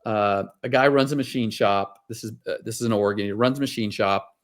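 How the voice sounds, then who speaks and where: A man's voice: lowish voice, brisk. A man, a financial advisor, talking casually as an interview guest and telling stories with many fillers and restarts.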